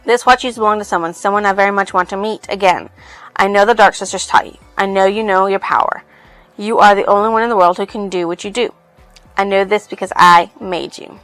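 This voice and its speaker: A woman voicing a smooth, menacing male villain in a calm, threatening manner while retelling a novel. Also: mid-range voice, brisk, no echo, faint music behind, natural voice, rough recording.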